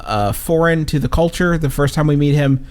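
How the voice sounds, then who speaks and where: A man's voice: fairly high pitch, moderate pace, darkish tone. A man co-hosting a podcast, chatting casually in a wry, hesitant way. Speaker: podcast co-host.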